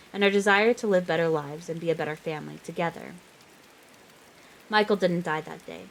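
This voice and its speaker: On a live stream, a woman with a fairly low, fairly bright voice reads a novel aloud at a steady pace. Every so often she breaks off for chatty reactions.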